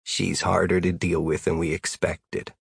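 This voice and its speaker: A man's voice: low voice, little pitch movement, a little slow, creaky, husky, no room sound, heavily acted. A man voicing a teasing adult male wizard companion who needles his friend in a dry, matter-of-fact way.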